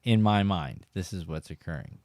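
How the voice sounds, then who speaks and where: A man hosting a fishing show, telling a rambling, animated story straight to his viewers. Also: low voice, moderate pace, dry recording, studio quality.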